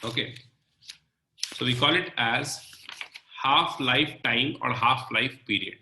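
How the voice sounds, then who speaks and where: A male chemistry teacher walks through a lecture slowly, step by step, checking in with "okay" and "right". His voice is very bright and sharp. The recording carries a noticeable room echo. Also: mid-range voice, slight background noise. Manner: slow, step-by-step explaining with frequent "okay" and "right". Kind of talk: recorded lecture explaining on a board.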